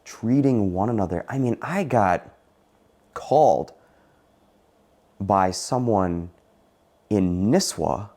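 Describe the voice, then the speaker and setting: A man hosting a podcast in casual conversation, emphatic and animated when telling his own stories. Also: lowish voice, slow pace, long pauses. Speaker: podcast host.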